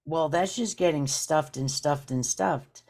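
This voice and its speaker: A woman's voice: low-pitched, unhurried, a little mellow. A woman guest on a podcast, rambling through a casual spiritual chat with many fillers.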